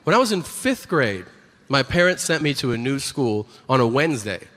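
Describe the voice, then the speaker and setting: A man's voice: mid-range voice, very animated, normal speed, fairly bright tone, long reverb tail. A man doing a stand-up comedy routine on stage before a live audience, telling profane stories and acting out the characters in them.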